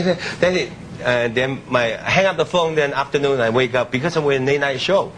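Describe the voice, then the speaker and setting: A man telling a story as a talk show guest in halting, broken English. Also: medium pitch. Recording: studio audience noise.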